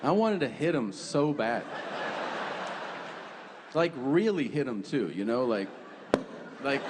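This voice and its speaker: A man telling stand-up stories in an animated, profane, deadpan style, on a theater stage with a handheld mic. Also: medium pitch, slow, pauses often, in a large hall, very noisy. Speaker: stand-up comedian. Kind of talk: stand-up storytelling.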